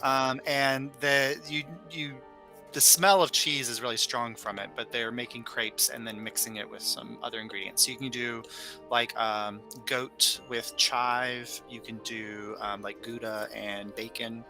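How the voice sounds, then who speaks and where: A man running a tabletop game as game master, describing market stalls with many ums and pauses. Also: mid-range voice, fairly even intonation, bright, forceful tone, soft background music. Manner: hesitant, lots of ums while describing scenes.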